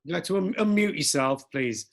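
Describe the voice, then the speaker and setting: A man hosting and moderating a Q&A on a video call, briskly directing callers. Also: fairly high pitch, expressive. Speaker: host and moderator.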